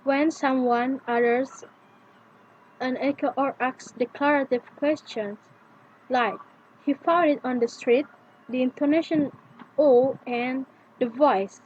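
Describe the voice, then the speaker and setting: A young adult woman, a native Indonesian speaker, reading a prepared pronunciation lesson aloud and slowly repeating example words. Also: sits high, fairly even intonation, darkish tone. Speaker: student presenting pronunciation lesson. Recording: dull lo-fi with faint noise.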